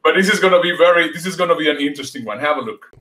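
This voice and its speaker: A man's voice: a little high, very fast, pushed and bright. Hesitant man hosting a casual talk. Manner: hesitant, many uhs, non-native grammar. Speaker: host. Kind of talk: casual conversation.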